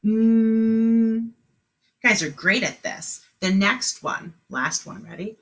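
A woman's voice: on the high side, slow pace. A woman teaching a remote kindergarten lesson, talking in an encouraging, sing-song way with lots of praise.

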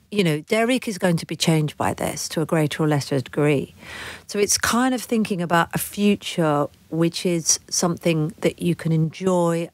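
A middle-aged woman as an interview guest, speaking candidly in a halting, reflective way with frequent restarts. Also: fairly low pitch, no echo.

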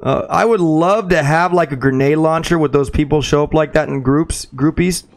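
Young male streamer, excitable live commentary, slightly high voice, chats with viewers. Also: moderate pace. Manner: excitable, chatty, greets viewers, calls them bro. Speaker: gaming streamer.

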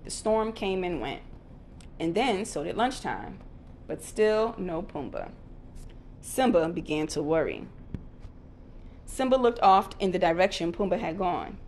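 Animated woman reading a kids' story. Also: fairly low pitch, a little slow, pauses often, a little hiss or hum. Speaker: storybook narrator. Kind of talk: children's read-aloud narration.

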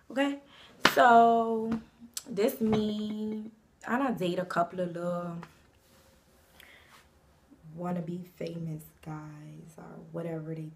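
A young woman in her twenties from Savannah, Georgia, talking brashly and profanely about herself to camera, breaking into loud bursts. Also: medium pitch. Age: 20s. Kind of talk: casual self-introduction to camera.

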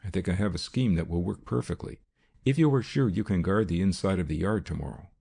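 A man voicing a keyed-up adult male detective in an audiobook, speaking low and insistently. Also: a little fast, creaky, dark tone, breathy edge, full character voice. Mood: urgent. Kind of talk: audiobook character reading.

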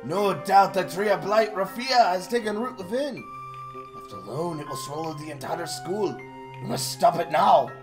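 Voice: medium pitch, lively intonation, normal speed, close to an everyday voice. A let's-player voicing a grandiose, dramatic pigeon girl from a dating game, with theatrical, solemn delivery. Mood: ominous. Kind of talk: reading game dialogue aloud. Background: game music.

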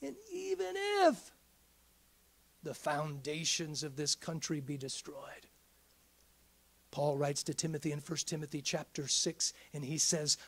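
A man preaching a midweek sermon in a church, swinging from hushed whispers up to shouts. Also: a little high, expressive, a little slow, gravelly, husky. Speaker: pastor.

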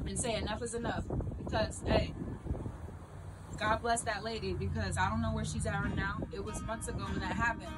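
A woman's voice: medium pitch, rough recording. A woman from Arizona, a musician and street evangelist, talking in a fervent, preachy casual vlog outdoors by a store. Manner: fervent, preachy, says things loudly. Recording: outdoor street noise with traffic.

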